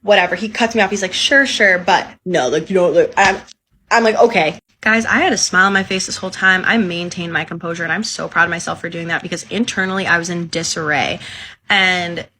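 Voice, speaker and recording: A woman in her twenties, shaken and upset after crying, telling the camera about a bad job interview in an animated, incredulous way. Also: fairly low pitch, fast talker, a little hiss or hum. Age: 20s. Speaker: job seeker. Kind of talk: venting storytime to camera.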